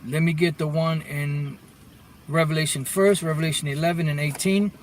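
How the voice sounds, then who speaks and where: A man's voice: fairly high pitch, fairly even intonation, moderate pace. A man giving an informal scripture lesson, reading verses aloud and then explaining what the words mean, often restarting his sentences. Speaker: bible teacher. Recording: distant mic with faint vehicle noise.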